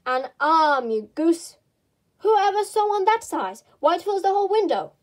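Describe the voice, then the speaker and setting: A woman's voice: sits high, expressive, fast, darkish tone. A woman voicing a fussy, bossy male rabbit who scolds and barks orders. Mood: angry.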